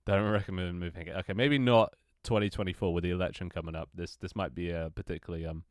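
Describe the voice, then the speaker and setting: A fast-talking young man from London, very deep-voiced with a steady tone, chats casually with his stream audience. He swears offhandedly, stumbles through sentences and restarts and laughs a lot. Sound is dry and close-up.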